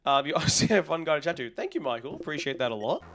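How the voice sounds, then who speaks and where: A man's voice: on the high side, big pitch swings, very fast, fairly bright tone, slight background noise. An Australian man live-streaming a game, chatting casually and answering viewers' messages in a loose, rambling way. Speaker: livestreamer. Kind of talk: casual chat with live chat readers.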